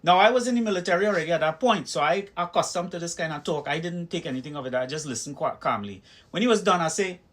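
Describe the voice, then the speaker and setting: Man, Trinidadian accent, somewhat high-pitched, emphatic, storytelling vlog commentary. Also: lively intonation, quick pace, a bit bright. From Trinidad and Tobago. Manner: emphatic storytelling, acting out heated exchanges. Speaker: video commentator. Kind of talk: personal opinion vlog.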